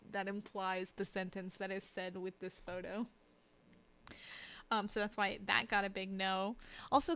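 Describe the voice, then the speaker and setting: A gravelly-voiced woman streams while drawing, chatting casually as an artist. She rambles and puts herself down, uses many fillers and restarts, and tends to drop to a low mutter while she works.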